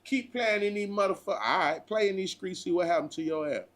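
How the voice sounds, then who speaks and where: Speaking quickly in a high, fairly bright voice, an American livestream host launches into a preachy, profanity-laced street-talk rant. "Bruh" comes up repeatedly as he addresses his audience.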